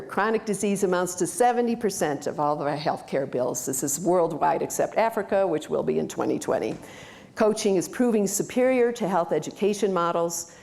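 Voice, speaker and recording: Low-voiced woman giving a brisk conference talk. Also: warm tone. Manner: brisk, instructive, upbeat. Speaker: conference speaker. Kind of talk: presentation talk. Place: conference in Aspen, Colorado.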